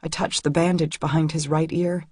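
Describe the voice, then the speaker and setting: A woman's voice: low-pitched, little pitch movement, moderate pace, darkish tone, slightly rough, no echo. A woman narrating a first-person audiobook in an intimate, emotional reading on a close studio mic.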